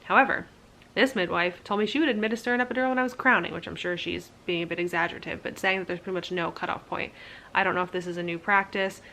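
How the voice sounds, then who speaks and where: Young woman, vlogger, slightly low and bright, candid chatty storyteller with filler words. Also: steady tone, fast talker, a little hiss or hum. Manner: chatty, candid, frequent "like" fillers, laughs at herself. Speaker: vlogger telling her birth story. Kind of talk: casual storytelling to camera.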